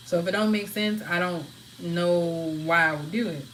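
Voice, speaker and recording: A woman casually rambling from home to her live viewers, answering their comments in a relaxed, open way. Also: fairly low pitch, normal speed, a little hiss or hum, rough recording. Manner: relaxed, talks freely, answers chat comments. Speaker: livestream host.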